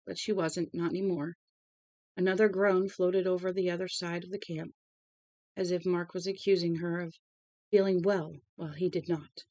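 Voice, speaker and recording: A woman's voice: on the low side, little pitch movement, moderate pace, dark tone, no room sound, dull audio. A woman reading a novel aloud as a storybook narrator. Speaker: audiobook reader.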